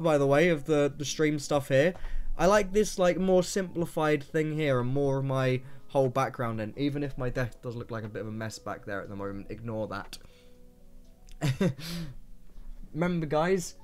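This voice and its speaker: A man's voice: fairly high pitch, smooth. Upbeat man on a livestream. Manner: upbeat, rattling off greetings to viewers. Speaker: streamer host. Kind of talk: casual livestream chat. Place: home streaming desk.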